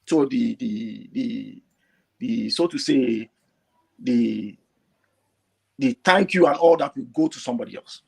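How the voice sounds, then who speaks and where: A man calling in over a video call, talking with strong feeling and pushing his pitch up as he gets emotional. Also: slow pace, vocal fry, pauses often, darkish tone, husky. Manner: impassioned, rising to high emotional pitch, repeats himself. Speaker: caller. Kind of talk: passionate online call-in talk.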